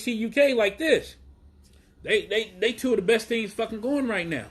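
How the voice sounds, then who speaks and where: A man from Chicago hosting a casual live stream outdoors, talking in a profane, excitable, rambling way about wrestling. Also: sits high, moderate pace. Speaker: wrestling show host. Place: outdoors in the heat.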